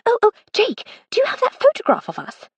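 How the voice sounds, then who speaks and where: A woman voicing an excitable, eager Edwardian spinster in an audiobook, raising her voice high and gushing. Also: fairly quick, breathy edge, no room sound, exaggerated voice.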